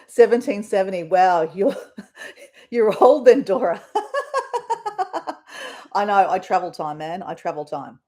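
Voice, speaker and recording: A woman's voice: mid-range voice, normal speed, warm tone. An Australian woman hosting a casual live stream, chatting in a rambling way with her viewers. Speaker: livestream host.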